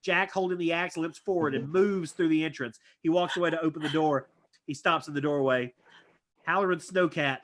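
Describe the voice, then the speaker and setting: A man reading stage directions aloud at a live script reading, animated and tossing in asides. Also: fairly high pitch, brisk. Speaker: script reader.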